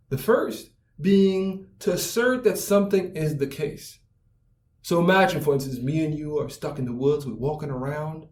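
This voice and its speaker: A man with a slightly high voice lectures on writing, asking rhetorical questions and answering them himself. He acts out little everyday scenes to make his points. He sounds set back from the mic in a room with a noticeable echo. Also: a little mellow. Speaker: writing instructor. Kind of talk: explanatory video lecture. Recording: echoey room, voice from a distance.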